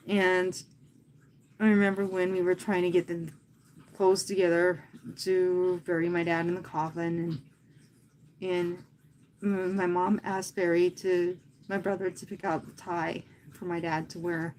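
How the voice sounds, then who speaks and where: A woman who hosts live fitness classes, talking earnestly and from the heart to her viewers in a casual livestream, often pausing and speaking softly. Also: on the low side, little pitch movement, slight background noise. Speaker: fitness instructor and livestream host.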